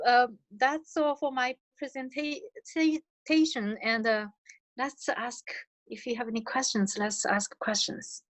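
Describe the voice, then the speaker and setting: Middle-aged woman, first language Chinese, teaching over a video call; patient, shows things slowly. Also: on the high side, fairly even intonation. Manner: patient, demonstrates counting and tongue twisters slowly. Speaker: language presenter. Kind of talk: online language lesson.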